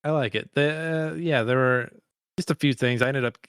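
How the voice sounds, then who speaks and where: Man, podcast co-host, casual movie talk, wry, profane, animated, dry close sound. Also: medium pitch, normal speed, clear, resonant tone, dry recording. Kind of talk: casual movie review chat.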